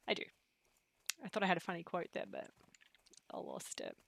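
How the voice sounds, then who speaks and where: A woman chatting casually on a live game stream, rambling with many fillers and dropping into soft asides. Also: on the low side, huge pitch swings, moderate pace, creaky. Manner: rambling, chatty, full of fillers and pop-culture quotes. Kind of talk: casual live-stream chat while gaming.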